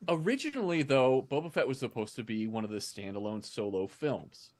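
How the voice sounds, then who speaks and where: A man's voice: mid-range voice, animated, brisk. Chatty man explaining fan theories. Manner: chatty, restarts, explains at length. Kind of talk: casual fan discussion.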